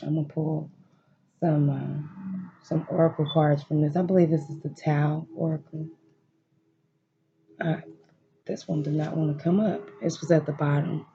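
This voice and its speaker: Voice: mid-range voice, little pitch movement, a little slow, pauses often, mellow, muffled recording, a little hiss or hum. A tarot reader in a home room doing a card reading, talking straight to viewers in an emphatic, emotional way. They repeat lines of encouragement and swear freely. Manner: emphatic, repetitive, profane, emotionally intense.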